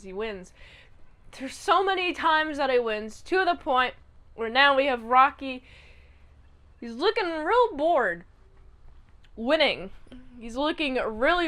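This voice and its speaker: A woman with a high voice recaps an old TV episode in a chatty, animated way. She adds her own sound effects as she goes. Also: slow pace, pauses often. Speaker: channel host reviewing a TV episode.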